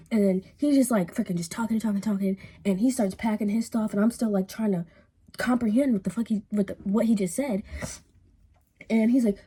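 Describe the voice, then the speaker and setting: A woman's voice: mid-range voice, a little fast, warm tone, slightly rough. A young woman telling a rambling, casual storytime while she paints, full of fillers and swearing, acting out the people in her story. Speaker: vlogger.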